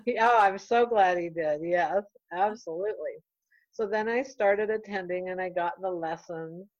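A middle-aged woman, a real estate broker, talking in an earnest, heartfelt and halting way as an interview guest. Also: on the low side, no echo, highs cut off. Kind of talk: casual interview chat.

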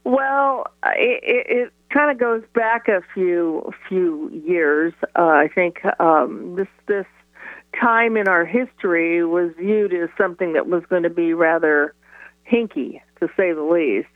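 A woman astrologer, a guest on a radio interview by phone, chatty and quick to laugh, with many restarts. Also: on the low side, no room sound. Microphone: telephone. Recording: tinny phone line.

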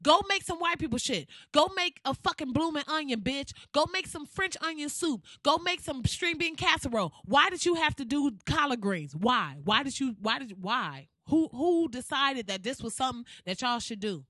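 A woman's voice: sits high, expressive, moderate pace, hardly any pauses, sharp tone, no echo, clean studio sound. A woman ranting in exasperated, profane comic style with rhetorical questions. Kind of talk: comedic rant.

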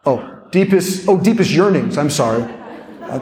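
Priest, young adult man, lively keynote speaker with a slightly high voice, conversational and playful. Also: moderate pace. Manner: animated, conversational, playful asides. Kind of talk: keynote talk.

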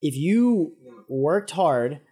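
A man's voice: on the high side, sing-song, drawn-out words, dark tone, husky. A man speaking as a podcast guest, a blunt sports fan who swears and gets fired up. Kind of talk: casual podcast banter.

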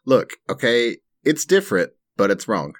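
A man's voice: lowish voice, big pitch swings, normal speed. An American man chatting casually as a podcast co-host, self-deprecating and joking, laughing often. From United States. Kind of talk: casual chat.

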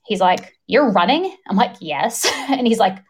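Animated woman in her thirties. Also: mid-range voice, normal speed, husky. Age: 30s. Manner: animated storyteller, acts out voices, laughs often. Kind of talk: casual conversation.

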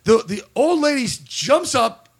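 High-pitched gravelly man telling a story. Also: very animated, measured pace. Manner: rambling, profane, self-deprecating storyteller. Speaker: podcast host and stand-up comic. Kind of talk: casual storytelling chat.

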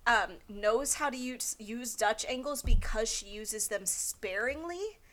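A woman co-hosting a podcast in casual chat, excitable and gushing, with lots of fillers and laughter. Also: on the high side, unhurried. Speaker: podcast co-host.

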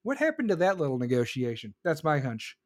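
A man's voice: on the high side, sing-song, a little fast. A man doing a heated, sarcastic and profane political rant, reading viewer comments and mocking others.

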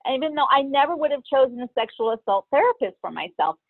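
A middle-aged woman speaks as a guest, recounting her own experiences in a candid, hesitant way full of pauses and fillers. Her voice sits a little high. It comes through a thin, phone-like line with no room sound at all. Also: animated, dry recording. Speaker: guest sharing personal story. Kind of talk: candid personal storytelling. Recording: tinny phone-like line, dry.

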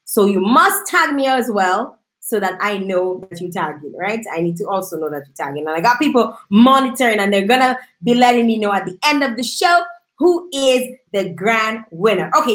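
A woman hosting a live streamed music talk show, chatty and repetitive, giving shout-outs to viewers. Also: medium pitch, lively intonation, a little fast, low-quality recording.

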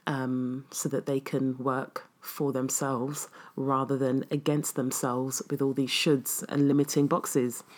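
A woman's voice: rumbling low, darkish tone. A woman wellness coach answering viewer questions in a casual, reflective and earnest way, with frequent ums. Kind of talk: casual live Q&A.

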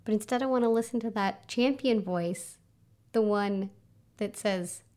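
A woman's voice: mid-range voice, measured pace, dark tone. Chatty woman hosting a solo podcast. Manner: chatty, lots of fillers and self-mocking laughs. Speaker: podcast host. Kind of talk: casual solo podcast monologue. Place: home under a flight path, planes overhead.

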